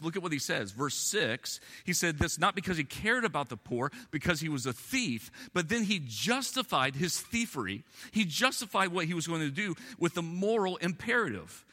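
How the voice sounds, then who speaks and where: A man preaching a sermon, moving between quick asides and slow, emphatic phrases. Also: a little high, animated, sharp tone. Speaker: pastor. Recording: echoey hall.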